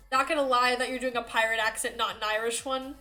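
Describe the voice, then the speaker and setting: A young woman streaming live, chatting loosely with her viewers and breaking into giggles. Her voice sits high and light, with faint music under it. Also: moderate pace, bright, forceful tone. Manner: giggly, chatty, reads chat aloud. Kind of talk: casual live-stream chat.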